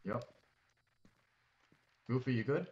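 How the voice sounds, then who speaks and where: A man with an ordinary, middle-pitched voice who steers his teammates through a game, laying down the rules in a blunt, bossy way. He swears freely and sounds short on patience with their antics. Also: expressive, slow, a little mellow, lo-fi sound. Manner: bossy, profane, explains rules to the team. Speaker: streamer. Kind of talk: casual gaming voice chat.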